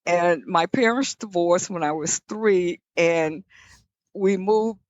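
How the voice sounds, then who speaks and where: An older woman from the American South, guest on an interview, telling personal stories in a reflective, measured way with frequent restarts. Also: on the low side, no room sound, dull audio. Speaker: guest, leadership scholar. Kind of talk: conversational interview storytelling.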